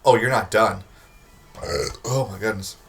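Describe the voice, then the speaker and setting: A man's voice: on the low side, fairly even intonation, a little slow, gravelly, a bit bright. A young man hosting a let's play, reading game text aloud with playful, dry asides. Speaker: host, game narrator.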